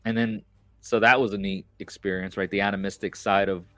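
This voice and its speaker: A man's voice: fairly low pitch, fairly even intonation, a little fast, sharp tone, no echo. A man hosting a podcast, telling a story in casual chat, with many fillers and restarts. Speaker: podcast host. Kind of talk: casual conversation.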